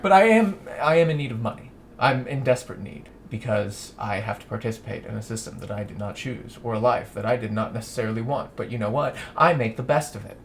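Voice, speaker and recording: A man's voice: medium pitch, slight background noise. A young man rambling through a casual vlog at home, self-deprecating and swearing casually. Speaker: vlogger. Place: at home, doing laundry and in his bedroom.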